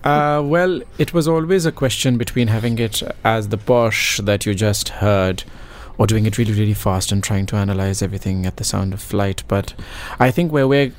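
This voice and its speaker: A man's voice: lowish voice, normal speed, few pauses. A man, a stage actor from Pakistan, speaking earnestly in an interview, stressing words by repeating them. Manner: earnest, emphatic repetition. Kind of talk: radio interview.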